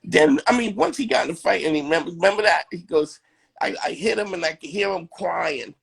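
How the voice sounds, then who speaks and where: A man with a gravelly, husky voice tells a story on a live stream. He swings his pitch all over as he acts out the quotes in an animated way. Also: fairly quick. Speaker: comedian, live stream guest.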